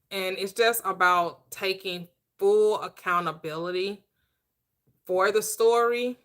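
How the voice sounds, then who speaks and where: A woman with a bright, forceful voice delivers a motivational talk. She speaks in a style, stacking short repeated phrases like a preacher. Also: mid-range voice. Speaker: host, manifestation coach. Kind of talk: motivational talk show chat.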